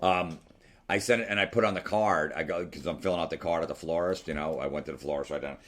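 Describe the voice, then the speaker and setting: A middle-aged man with a very low, deep voice tells a story on a podcast in loose, casual chat. He acts out the other people's lines as he goes and curses freely. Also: fast. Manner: animated storyteller, acts out quotes, swears freely. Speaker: podcast host.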